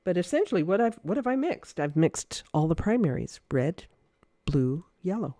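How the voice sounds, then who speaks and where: Mellow-voiced woman teaching watercolor. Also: lowish voice, sing-song, normal speed, dry recording, clean studio sound. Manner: chatty, thinking aloud, hesitant with many fillers; gentle, encouraging teacher. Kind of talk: casual painting demonstration livestream.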